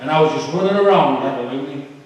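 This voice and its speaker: Man telling his testimony in an echoey hall. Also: a little high. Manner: emotional, halting, with many fillers. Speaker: speaker giving a testimony. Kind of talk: personal testimony talk. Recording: echoey hall, far from the mic.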